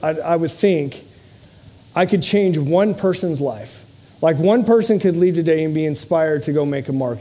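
Here a man with a high but dark-toned voice speaks live to a crowd, offering motivation through personal tales told with earnest humor. He works as a motivational speaker and podcast host.

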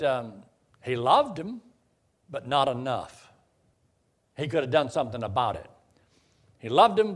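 Man preaching a conversational sermon. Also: fairly high pitch. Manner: conversational preaching with rising emphatic bursts. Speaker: pastor.

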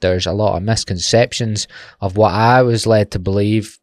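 A young Glaswegian man with a broad Scottish accent hosts his own podcast, chatting casually and wandering off on tangents. He swears freely and cracks jokes. His voice sits fairly low and sounds dry and close on the mic. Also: steady tone, moderate pace, a little mellow, dry recording. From Glasgow, Scotland. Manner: rambling, sweary and jokey, goes off on tangents. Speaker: podcast host. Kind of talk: casual solo podcast chat.

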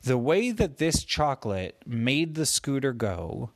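A man slowly making up a gentle bedtime story for his child, with playful voices for the characters. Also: mid-range voice, sing-song, no room sound. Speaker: parent telling a bedtime story.

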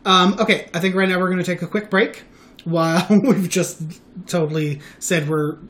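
A man hosting a podcast, talking candidly in a casual chat, halting and restarting often. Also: high-pitched, fairly even intonation, fairly bright tone. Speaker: podcast host.

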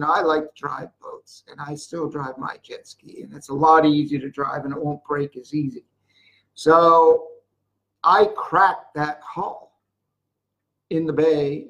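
Older speaker, slow delivery, rambling motivational stories, sudden loud bursts. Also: mid-range voice, highs cut off. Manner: mocks whiners in a put-on voice. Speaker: jewelry business mentor. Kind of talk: motivational sales talk.

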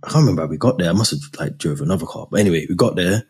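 Deep, husky young man. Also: animated, very fast, a little mellow. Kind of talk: casual chat.

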